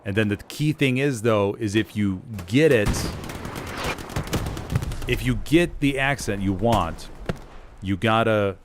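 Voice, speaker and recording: A man with a fairly low voice talks casually into his streaming mic, rambling and chuckling at himself. Loud game gunfire and artillery rumble behind him. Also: slow, pauses often. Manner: rambling, chatty, laughs at himself. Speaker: streamer and voice actor. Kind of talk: casual chat while streaming a shooter game.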